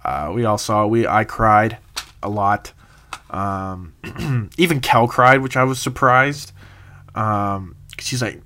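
A young man with a somewhat low voice tells a story in a loose, rambling way. He laughs often and stops for plenty of "uh"s and "um"s as he goes. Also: slow, sharp tone. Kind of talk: casual storytelling monologue.

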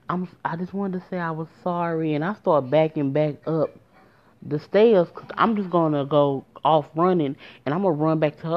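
Low-voiced woman telling a story. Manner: emotional, addresses listeners directly. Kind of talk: casual storytime. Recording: muffled lo-fi recording.

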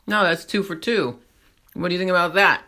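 Woman host, bright forward tone, casual self-laughing pep-talk delivery. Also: lowish voice, fairly quick. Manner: rambling, laughs at herself, encouraging. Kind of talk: casual motivational monologue.

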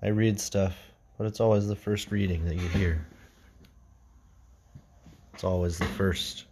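A man hosting an unscripted podcast, reading stories and musing casually, his voice sinking low and quiet at the ends of phrases. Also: steady tone, measured pace, background noise. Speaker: podcast host.

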